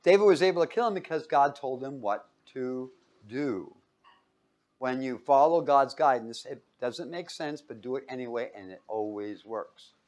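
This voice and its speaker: A man's voice: medium pitch, animated, moderate pace, darkish tone. A man preaching in a casual, storytelling way, often chuckling and asking his listeners questions. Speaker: preacher teaching a Bible study. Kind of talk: casual sermon.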